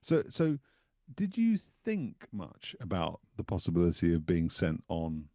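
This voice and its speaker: Role: podcast host. Sex: man. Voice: very deep and gravelly, dark tone, dry close sound. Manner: meandering, restarting questions. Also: huge pitch swings, unhurried, no room sound. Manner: long, winding questions with repeated restarts. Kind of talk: interview questions.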